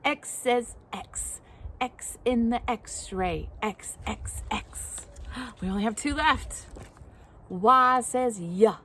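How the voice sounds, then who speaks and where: A woman teacher leading a children's phonics lesson outdoors, sounding out each letter slowly and clearly with encouraging praise. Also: fairly high pitch, bright, forceful tone, slight background noise. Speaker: preschool teacher. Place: outdoors at home.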